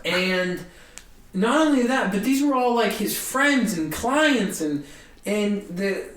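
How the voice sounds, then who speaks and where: A young man, a guest comedian, telling a story in a casual, animated way and acting out the people in it. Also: high-pitched, slow pace, distant mic. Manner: animated, acts out other people's voices. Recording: roomy echo, a bit off-mic, faint hiss.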